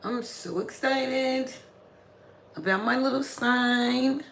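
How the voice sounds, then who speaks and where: Hoarse woman chatting on a live stream. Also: on the high side, slow, a bit bright, slight background noise. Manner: chatty, greets viewers in many languages. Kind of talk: casual live-stream chat. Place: small room at home, indoors. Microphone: phone camera. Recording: roomy home recording.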